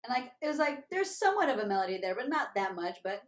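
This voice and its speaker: Rich: A woman interview guest tells her stories with lively energy. She breaks into scatted rhythm syllables again and again to show the beats she hears. Her pitch is mid-range for a woman. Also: very fast, hardly any pauses. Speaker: guest, tap dancer. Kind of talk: animated storytelling in an interview.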